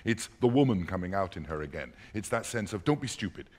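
Male lecturer explaining a play, low voice, very lively intonation, long hall reverb. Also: a little fast. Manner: emphatic, expressive. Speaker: literature lecturer.

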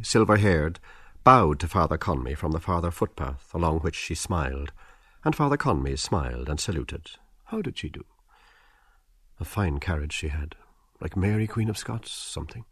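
A man narrating an audiobook in a measured, expressive literary reading. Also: deep voice, husky, no room sound, clean studio sound. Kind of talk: scripted narration.

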